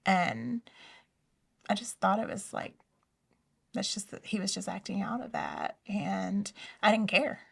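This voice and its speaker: Soft-spoken woman with a gravelly voice. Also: medium pitch, fairly even intonation, measured pace, long pauses, recorded from a distance. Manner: soft-spoken, often dropping to a near whisper. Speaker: interview guest. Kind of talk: personal testimony in a conversation.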